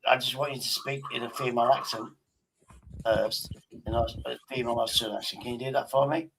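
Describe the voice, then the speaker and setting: Gravelly man, hesitant streamer banter. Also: mid-range voice, fast, noisy background. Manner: hesitant, restarts often, teasing deadpan. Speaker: streamer host.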